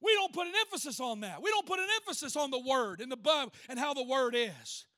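Preacher, very high bright voice, call-and-response sermon in church. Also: male voice, lively intonation, fast talker. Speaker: pastor.

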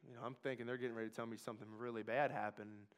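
A man from Kentucky telling his recovery story as a personal testimony, emphatic and repetitive, swinging from hushed to loud. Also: mid-range voice, level tone, very fast. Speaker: speaker sharing a recovery testimony.

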